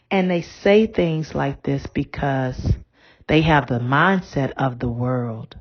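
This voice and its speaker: A woman's voice: extremely low pitch, takes it slowly, muffled recording. A woman bishop giving a podcast sermon in a conversational, down-to-earth way.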